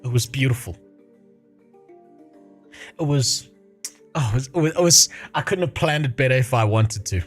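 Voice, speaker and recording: A man's voice: mid-range voice, animated, normal speed, pauses often. A man in his thirties, chatting loosely on a livestream. He swears constantly and breaks into laughter, his voice swinging up and down. Faint music plays behind him. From South Africa. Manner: profane, laughs often while talking. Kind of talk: casual chat.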